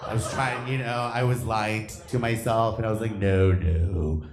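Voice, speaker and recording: A man in his thirties doing a stand-up comedy set on stage, flamboyant and camp, breaking into loud shrieks. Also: mid-range voice, level tone, brisk. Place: comedy theater stage with live audience. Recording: echoey live comedy room.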